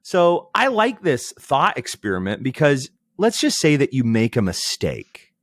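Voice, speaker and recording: A man's voice: mid-range voice, wildly swooping pitch, unhurried, no echo, studio quality. A man in his thirties, a podcast guest, explaining ideas in a thoughtful, storytelling way. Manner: thoughtful, storytelling, emphatic asides. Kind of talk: reflective conversational explanation.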